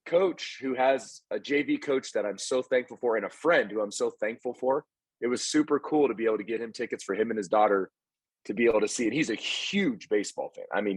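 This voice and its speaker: A man's voice: mid-range voice, normal speed, slightly rough, no room sound. A man who coaches baseball and hosts a podcast, telling stories in casual chat and acting out what people said. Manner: animated storyteller, acts out quoted lines.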